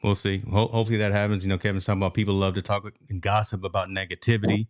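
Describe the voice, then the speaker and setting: Deep-voiced man telling a sports story. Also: rapid-fire, dry recording, studio quality. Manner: animated storyteller, addresses listeners as folks. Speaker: podcast co-host. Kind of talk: casual sports talk.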